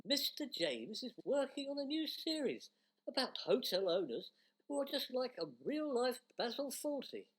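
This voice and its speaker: A woman's voice: sits high, big pitch swings, normal speed, slightly rough. A British woman playing the teasing wife of a hotel owner in a comic radio sketch. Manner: teasing, dry, amused.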